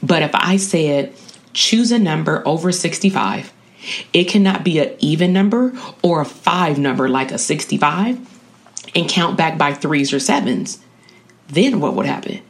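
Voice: medium pitch, lively intonation, a little slow. Casual teacher vibe, talks slangy and loose, keeps checking in with "right?". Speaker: educator teaching coping skills. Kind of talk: casual spoken lesson. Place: at a college.

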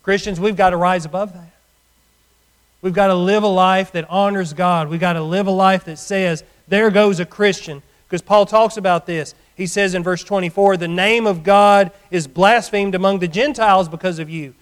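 Man preaching, high voice, smooth and resonant, earnest, emphatic, middle-aged. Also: steady tone, normal speed. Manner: earnest, emphatic, rising and falling in loudness. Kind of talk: sermon.

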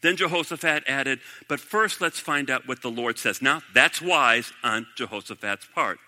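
A man's voice: mid-range voice, moderate pace, bright, forceful tone, in a large hall. A man preaching a sermon, reading scripture aloud and breaking off to comment, rising to emphatic declarations. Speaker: pastor.

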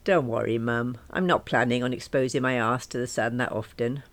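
A woman's voice: rumbling low, steady tone, normal speed. A woman voicing a shy, cheeky teenage son with a Welsh accent, speaking in an offhand, defensive way.

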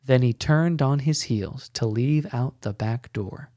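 Slow, measured male storyteller. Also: medium pitch, mellow, no echo, clean studio sound. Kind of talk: scripted narration.

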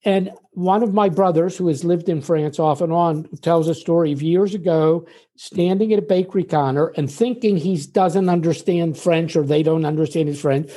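An older man from the United States talks as a guest in a relaxed interview. His voice is warm and mellow rather than bright. He explains at a measured pace and leans on little anecdotes to make his point. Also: fairly high pitch. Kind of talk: conversational interview storytelling.

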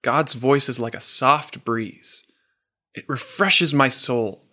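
A man with a mid-range voice coaches a men's group during a faith talk, earnest and gentle. He reads the men's answers aloud and slows down on the words he quotes.

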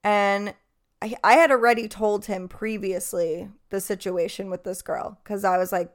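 Swearing twenty-something bartender girl ranting on her podcast, smooth clear voice. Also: medium pitch, steady tone, moderate pace. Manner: profane, exasperated. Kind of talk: casual storytelling.

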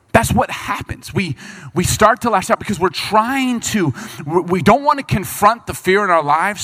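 A man preaching a sermon, reading scripture and breaking into quick acted asides as the people he talks about. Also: sits high. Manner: animated preaching, voices Bible figures and people in quick asides. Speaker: pastor.

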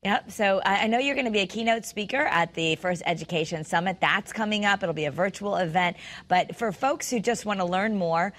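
A woman's voice: medium pitch, brisk, a bit bright. A mother hosting an interview, affirming her guest and asking long, rambling questions about parenting. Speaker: interview host. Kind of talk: casual interview talk.

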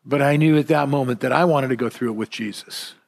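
A man preaching a casual, story-driven sermon with a gravelly edge to his voice. He rambles comfortably, restarts his sentences and pokes gentle fun at himself. His pitch sits at an ordinary middle height for a man. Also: fast talker. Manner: relaxed, rambling storytelling with frequent fillers and restarts; gently self-deprecating humor. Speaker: pastor. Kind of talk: conversational sermon with personal stories.

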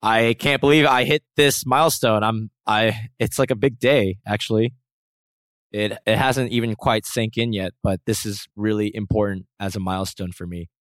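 A man's voice: fairly low pitch, fairly even intonation, normal speed, fairly bright tone, no echo. A man hosting a solo podcast, joking at his own expense, then turning earnest. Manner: self-mocking, playful and earnest in turns. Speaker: podcast host. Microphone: close podcast mic.

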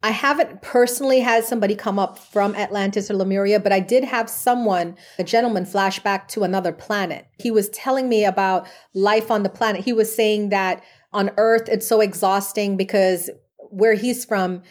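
A woman talks as a guest on a podcast, her voice sitting at an ordinary middle pitch. She tells her stories in an earnest, chatty way, sprinkling in casual fillers as she goes. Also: a little mellow. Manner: earnest storytelling with frequent "like" fillers. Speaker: podcast guest, medium and past life regression therapist. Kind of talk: conversational interview answers.

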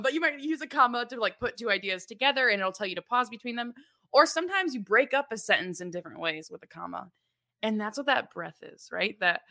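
Bright-voiced chatty woman podcaster. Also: mid-range voice. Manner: chatty, laughs often, many fillers. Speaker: podcast co-host. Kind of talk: casual conversational explaining.

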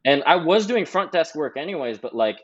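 A man's voice: on the high side, lively intonation, brisk, a crowd in the background. A man in his twenties, a podcast guest, telling a long story in casual chat with lots of "like" fillers. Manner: rambling, heavy on "like". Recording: slightly dull lo-fi sound.

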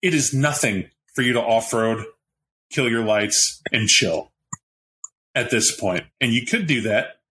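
A man's voice: medium pitch, a little slow, sharp tone, a little hiss or hum. A man narrating a tabletop role-playing game as game master, in a casual, rambling way.

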